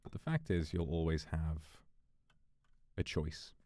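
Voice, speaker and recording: A man streaming and chatting casually, musing in a relaxed way and thanking viewers for donations. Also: extremely low pitch, unhurried. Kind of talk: casual livestream chat.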